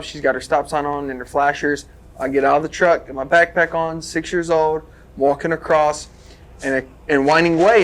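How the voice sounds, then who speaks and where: A young man from Tennessee tells a story in casual podcast chat, keeping it animated and lively and throwing in sound effects. His voice sits a touch higher than most men's. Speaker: guest, former wrestler.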